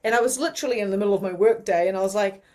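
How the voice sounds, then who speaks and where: A woman with a New Zealand accent teaching mediumship in a chatty, animated way, with many fillers. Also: medium pitch, very fast. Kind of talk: casual teaching monologue.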